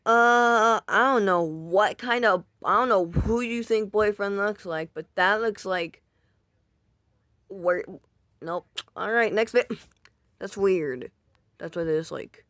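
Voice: medium pitch, slow pace, pauses often, a bit bright, dry recording, studio quality. A YouTuber casually reading viewer comments aloud, rambling and poking fun at their own old videos. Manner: self-deprecating, rambling, reacts aloud.

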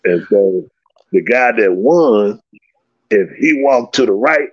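Gravelly, animated storytelling man. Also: mid-range voice, slow pace, dry recording. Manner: animated, profane, laughs often, reenacts dialogue. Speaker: guest recounting old stories. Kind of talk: casual profane storytelling. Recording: slightly dull lo-fi sound.

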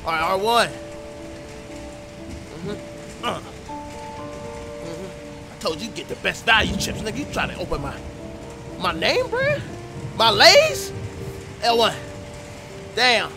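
A man doing loud, joking, profane commentary while playing a video game, shouting at the characters on screen. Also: sits high, slow pace, long pauses. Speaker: gaming YouTuber. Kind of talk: let's play commentary. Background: game music and rain sounds.

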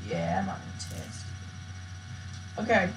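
A woman giving excitable, slangy live gameplay commentary as a channel host, often bursting into loud shouts. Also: rumbling low, a little slow. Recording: echoey room with faint noise.

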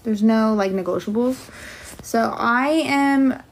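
A woman's voice: on the high side, slow pace. A young woman chatting casually on a livestream from home, rambling with lots of filler words.

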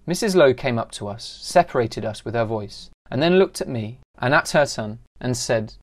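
A man reads a first-person animated story aloud in a steady, plain way. His voice sits at an ordinary middle pitch for a man. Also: normal speed, few pauses. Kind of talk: scripted narration.

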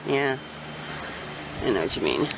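A woman's voice: very deep voice, big pitch swings, measured pace. A middle-aged woman filming at a horse barn and chatting casually with her family, laughing often. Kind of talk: casual chat while filming. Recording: clear outdoor barn noise behind.

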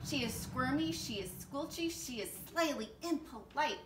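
A woman teacher reading a picture book aloud to children in a slow, expressive storytelling voice. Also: high-pitched, slight background noise. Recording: roomy echo, distant mic, faint ambience.

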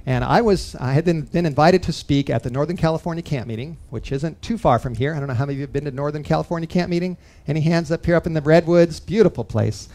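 A man's voice: fairly high pitch, fast, hardly any pauses, a little mellow. Earnest man telling a story. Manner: earnest, conversational storytelling that addresses the listeners directly. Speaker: guest speaker. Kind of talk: personal testimony told to a live audience.

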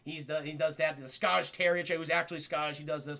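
A man's voice: fairly high pitch, steady tone, brisk, creaky, few pauses, bright, forceful tone. A man giving a casual live-stream cartoon review, rambling, swearing and acting out scenes for chat. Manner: profane, rambling, talks to chat; acts out scenes in voices.

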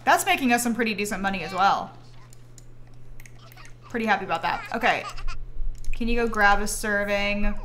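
A woman's voice: medium pitch, moderate pace, long pauses, fairly bright tone, slight background noise. A young woman streaming a life-simulation game live, giving exasperated, joking running commentary to her chat.

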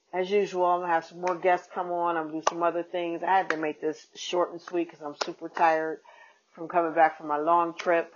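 A woman comedian and podcast host telling a casual, animated story and acting out the people in it. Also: lowish voice, slight background noise. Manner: animated, acts out quoted people. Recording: dull lo-fi podcast audio.

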